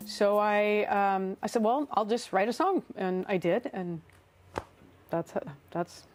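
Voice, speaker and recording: A woman's voice: medium pitch, slow, background noise. A middle-aged woman, an artist and songwriter, chatting as an interview guest, telling stories with frequent laughs, fillers and restarts. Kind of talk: casual interview storytelling.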